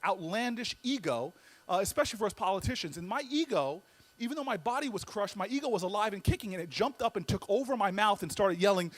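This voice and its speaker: A man giving a humorous storytelling speech as a guest speaker, animated and full of comic timing, often repeating words as he builds up. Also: high voice, quick pace.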